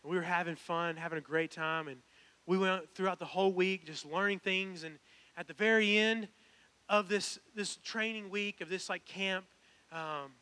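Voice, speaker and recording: Bright, forceful, and steady, a young man's high voice moves at normal speed as he delivers an earnest, personal sermon as pastor, building to emphatic calls at the altar.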